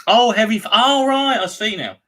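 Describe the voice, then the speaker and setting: A man's voice: high voice, normal speed, bright, forceful tone. Sardonic man commenting on clips. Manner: sardonic, interjecting over clips. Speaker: livestream host reacting to radio clips. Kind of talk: casual commentary.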